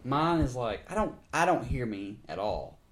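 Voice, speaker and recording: Joking podcast host, a man with a drawl, lively pitch swings, light hiss on the track. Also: normal speed. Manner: joking, laughs often, teasing. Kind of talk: casual chat.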